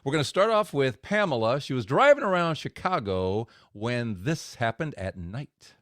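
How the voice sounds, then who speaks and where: A man hosting a faith podcast, retelling stories and explaining scripture in a relaxed, explanatory way. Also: mid-range voice, moderate pace, no room sound, clean studio sound. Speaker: podcast host. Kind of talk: faith podcast storytelling and commentary.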